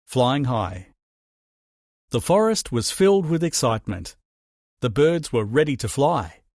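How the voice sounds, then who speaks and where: Man reading a storybook aloud, unhurried, dry close sound. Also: medium pitch, dry recording. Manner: slow, expressive reading. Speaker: narrator.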